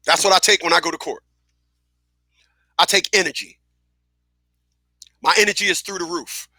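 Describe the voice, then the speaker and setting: Radio host, man, high bright voice, emphatic and profane, dry booth. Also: moderate pace, no room sound. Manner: blunt, emphatic, profane, repetitive. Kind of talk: casual talk radio monologue.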